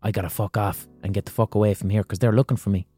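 A man voicing a hurried, grateful male runaway slave in a retold fable. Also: lowish voice, steady tone, warm tone, slightly rough, soft background music. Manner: hasty, swearing.

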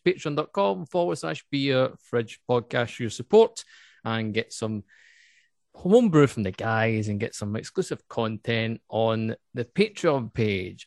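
A man's voice: mid-range voice, no echo, studio quality. A man hosting a casual podcast, giving an upbeat intro and plugging the show. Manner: upbeat, brisk announcer-like intro. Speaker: podcast host.

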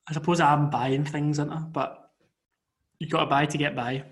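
A young man co-hosting a podcast over a video call, telling animated stories with frequent restarts. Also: a little high, moderate pace. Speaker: podcast co-host. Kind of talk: casual chat.

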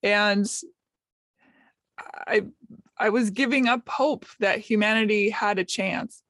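An American woman with a mid-range, slightly bright voice speaks slowly, recorded in a clean, echo-free studio. As a podcast guest, she tells an emotional personal story in conversation. She is openly emotional and self-deprecating, and she quotes other people in light voices.

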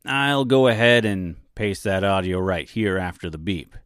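A man's voice: deep voice, animated, moderate pace, a bit bright, smooth, no room sound, studio quality. A man hosting an audiobook podcast, giving wry, self-deprecating commentary.

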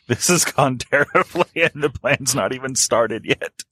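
A man's voice: medium pitch, measured pace, sharp tone, breathy edge, dry recording. A man playing a tabletop game, talking casually and laid-back, with many fillers. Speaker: player.

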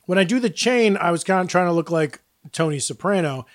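A man's voice: sits high, expressive, brisk, no echo. A man co-hosting a podcast in casual chat, cracking dry jokes. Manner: dry joking quips. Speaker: podcast co-host.

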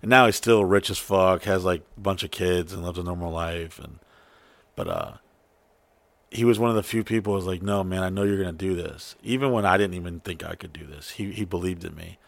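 Man, low gravelly voice, casual storytelling, lots of swearing, acts out quotes. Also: brisk, dry recording. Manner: profane, animated, acts out quotes.

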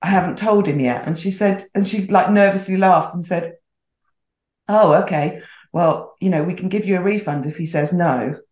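A woman's voice: lowish voice, moderate pace, a little mellow. A middle-aged woman telling a story casually as a podcast guest, chatty and acting out the voices she quotes. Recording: roomy echoey sound.

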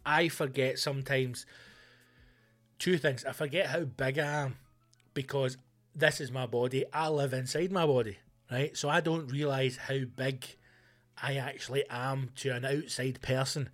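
A man with a Scottish accent hosting a comedy podcast, ranting loudly and swearing a lot. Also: mid-range voice, a little slow, faint music behind. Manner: loud, sweary, animated ranting.

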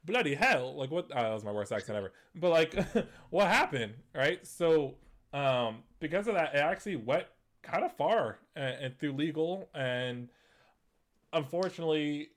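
A man's voice: a little high, expressive, normal speed. A man hosting a gaming news show, talking in a loose, conversational way with lots of fillers and restarts. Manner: conversational, many fillers and restarts, laughs at points. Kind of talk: casual commentary.

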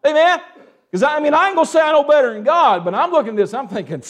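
Pastor, male, high voice, sermon delivery with call-and-response, shifts between hushed and raised. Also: expressive, very fast. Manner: Southern-tinged preaching with call-and-response "amen?", swings from hushed to raised.

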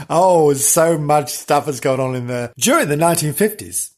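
A man's voice: fairly high pitch, lively intonation, measured pace. A man hosting a podcast, telling a comic history story in a theatrical, gushing way full of exclamations and jokes. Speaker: podcast host.

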